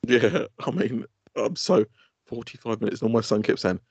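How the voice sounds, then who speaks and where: A man telling casual, animated stories on a podcast, swearing and laughing often. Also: mid-range voice, normal speed, slightly rough, no echo. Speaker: podcast co-host. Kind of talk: casual chat.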